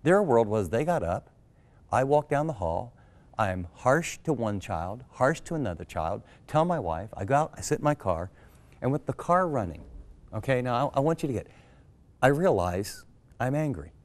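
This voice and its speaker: A middle-aged man preaching in a storytelling way. He acts out the people in his story and lets his pitch leap up and drop back down. His voice sits at an ordinary male pitch. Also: normal speed. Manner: animated storyteller, acting out family voices with big pitch jumps. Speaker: pastor and Bible teacher. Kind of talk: storytelling sermon.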